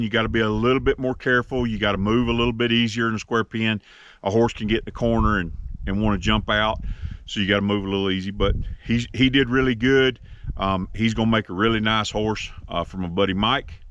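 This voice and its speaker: A man's voice: mid-range voice, a bit bright. A middle-aged man training a horse, talking in a plain-spoken, drawling way and murmuring soothingly to the animal in an outdoor pen. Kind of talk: casual explaining while working. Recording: dull lo-fi outdoor audio with noise.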